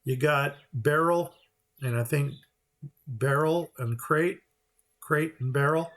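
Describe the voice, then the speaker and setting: A man talks through his game session in a relaxed, chatty way. His voice sits a little high for a man. He explains each step as he goes and sometimes slips into quick mock voices for the characters. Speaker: gameplay commentator. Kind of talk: casual let's-play commentary.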